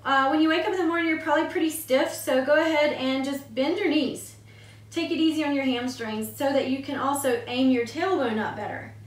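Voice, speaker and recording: Woman talking thru a gentle yoga flow, calm cues with the breath, kinda high voice, roomy echo. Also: distant mic. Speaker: yoga instructor. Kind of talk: gentle guided yoga instruction. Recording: echoey room, voice a bit off-mic.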